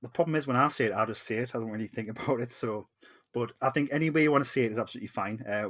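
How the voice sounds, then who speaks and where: A man's voice: mid-range voice, very fast, fairly bright tone. A man with a Geordie accent hosting a podcast, chatting enthusiastically with plenty of ums. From Newcastle, northeast England. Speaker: podcast host. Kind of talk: casual podcast chat. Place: home podcast setup in Newcastle.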